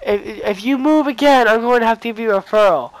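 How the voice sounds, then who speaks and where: A man's voice: high-pitched, expressive, brisk, no echo, voice pushed up, poor audio. A young man imitating a strict, irritable bus driver in his fifties who barks orders. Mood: stern. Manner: barking, self-important orders.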